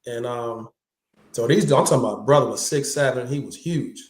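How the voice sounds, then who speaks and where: A man who is a guest and martial artist, telling lively anecdotes in casual slangy talk and acting out the voices of the people in his stories. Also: medium pitch, normal speed, reverberant. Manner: animated anecdotes, slangy, acts out quoted voices. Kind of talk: casual storytelling chat.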